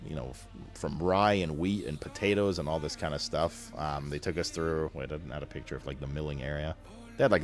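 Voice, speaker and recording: A young man chatting casually with his stream viewers, rambling with lots of fillers and slang. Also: very deep voice.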